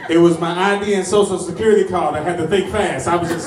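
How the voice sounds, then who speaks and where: A man works a comedy club crowd with profane stories and fast punchlines. His voice sits high for a man and bounces around the room. It sounds a little far from the mic, with a loud audience laughing behind him. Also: lively intonation, echoey room, very noisy. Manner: profane, storytelling, acts out voices. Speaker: stand-up comedian. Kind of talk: stand-up comedy set.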